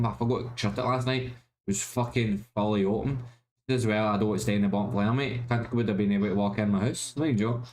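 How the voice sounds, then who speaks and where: A man's voice: fairly low pitch, darkish tone, a little hiss or hum. A man with a Glaswegian Scottish accent, streaming live and chatting casually with friends, laid-back and swearing freely. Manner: laid-back, swears often, says mate a lot.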